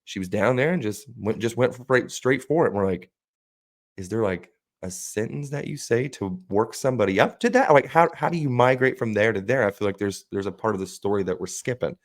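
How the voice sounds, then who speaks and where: A man with a fairly low voice tells a story on a casual podcast. He acts out each friend's lines with lively swings of voice and swears freely. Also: a little fast. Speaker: podcast co-host.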